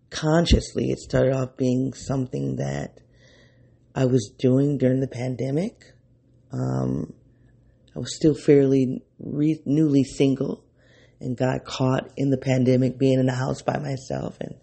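A man's voice: mid-range voice, vocal fry, warm tone, husky. A man hosting an unscripted solo podcast in his early-morning voice, rambling and correcting himself as he thinks aloud. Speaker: podcast host.

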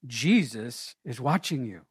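A preacher voicing a caged parrot in a joke, repeating its phrase in a flat, low tone from a dry, close sound. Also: male voice, slow pace, husky, dry recording, exaggerated voice. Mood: deadpan. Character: preachy talking pet parrot in a cage. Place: church.

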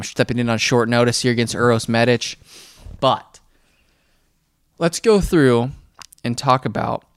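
A young man co-hosting a casual sports podcast, rambling and animated, talking straight at the fighters he discusses. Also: mid-range voice, no room sound, studio quality. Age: young adult. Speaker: podcast co-host.

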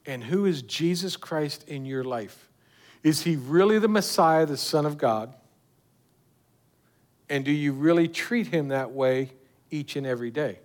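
A man's voice: on the high side, a little slow, pauses often. A man preaching a sermon earnestly, putting direct questions to his listeners. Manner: earnest, rising and falling with emphasis, asking the listeners direct questions.

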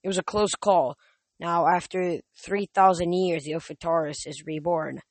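A reader voicing a solemn young huntress who speaks in formal, old-fashioned phrasing. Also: female voice, lowish voice, steady tone, normal speed, no echo.

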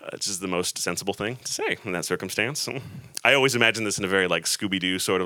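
A man preaching a casual, joking sermon to a laughing audience, reading scripture aloud with animated storytelling. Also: on the low side, fast talker, no echo.

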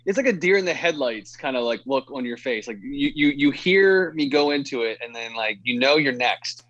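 A man's voice: medium pitch, lively intonation, normal speed, a bit bright, no room sound. Man, podcast host, casual chat, filler-heavy, dry, muffled recording. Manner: rambling, filler-heavy, laughs easily.

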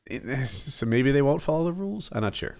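A man's voice: mid-range voice, very animated, brisk, darkish tone. A man co-hosting a casual podcast, hesitant at first and laughing often while retelling stories. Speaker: podcast co-host. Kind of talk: casual chat.

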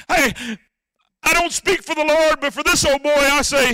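A male preacher with a strikingly high, bright voice delivers a fervent sermon to his congregation. He stretches out key phrases and then swells into full shouts. The sound is dry and close, with no room echo. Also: moderate pace. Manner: addresses the congregation directly. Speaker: pastor.

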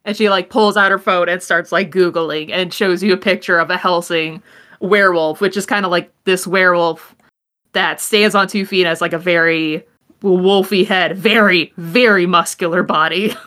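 A young woman runs a tabletop game, narrating scenes casually. Her voice is bright and clear, with an easy, chatty flow. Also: lowish voice, fairly even intonation, moderate pace. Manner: laughing, casual storytelling. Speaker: game master.

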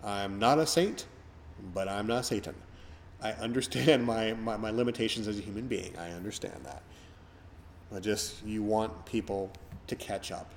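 A man's voice: on the low side, moderate pace, vocal fry, a little hiss or hum. A middle-aged man hosting a podcast, talking in a rambling, reflective way with lots of fillers. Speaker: podcast host. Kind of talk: casual podcast chat.

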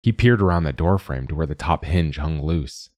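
A man reading a story aloud in a measured, even narration. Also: extremely low pitch, no room sound, clean studio sound.

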